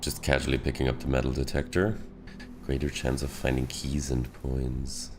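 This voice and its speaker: A man's voice: rumbling low, level tone, normal speed, background noise. A man from Switzerland with a Swiss accent, casually commenting on a game he is playing and thinking aloud in a self-mocking way. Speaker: game streamer. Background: game music.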